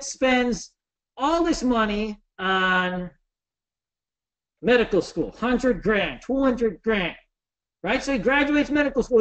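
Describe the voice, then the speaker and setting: A man in his thirties giving a casual webinar lesson on trading, animated and jokey, with some swearing. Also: very high voice. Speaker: trading instructor.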